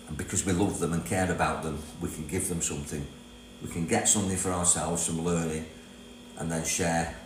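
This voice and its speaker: Older British man, chatty livestream. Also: low voice. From Britain. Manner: chatty, rambling, reads comments aloud, laughs often. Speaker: livestream host, self-help coach. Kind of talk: casual livestream talk. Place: property in Thailand. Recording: echoey room with mains hum.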